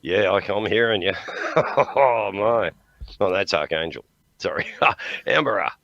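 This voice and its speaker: An older Australian man chats loosely with his viewers and coos at his dog between stories, wandering from one thought to the next. His voice sits very low with a gravelly, fried texture and a bright edge on top. The sound is dry and dull, like a lo-fi stream mic. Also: expressive, measured pace, dry recording. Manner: chatty and rambling, talks fondly to his dog. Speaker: livestream host. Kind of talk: casual chat.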